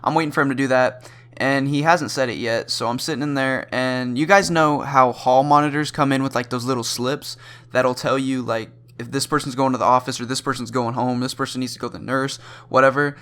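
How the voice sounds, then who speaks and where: A man's voice: fairly even intonation, brisk, a bit bright. Rambling teenage boy telling a school story. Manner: rambling, filler-heavy storytelling; acts out his own panicked reactions in sudden high bursts. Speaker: vlogger. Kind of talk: storytime vlog.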